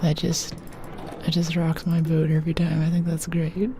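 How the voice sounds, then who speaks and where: Woman, game streamer, deep for a woman, warm and mellow, soft ASMR chat, playful rambling, slips into whispers, faint background hiss. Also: monotone, moderate pace. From United States.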